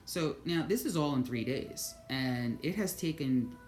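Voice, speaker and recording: A woman with a strikingly low voice tells her own story straight to camera. She talks in an animated way, curses without a second thought and acts out her own inner thoughts. Soft music plays faintly behind her. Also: a little slow. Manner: animated, swears freely, quotes thoughts aloud. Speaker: vlogger. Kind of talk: personal storytelling monologue.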